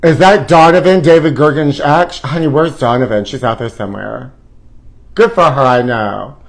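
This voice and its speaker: A man's voice: mid-range voice, normal speed, creaky. A man hosting a live gossip show, campy and sassy, who calls everyone honey and now and then sings a line. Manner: breaks into short bits of song. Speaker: host.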